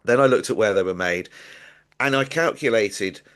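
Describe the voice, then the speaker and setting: A man's voice: on the low side, normal speed, fairly bright tone. A man, a guest author in an interview, explaining his ideas casually with hesitant repeated words.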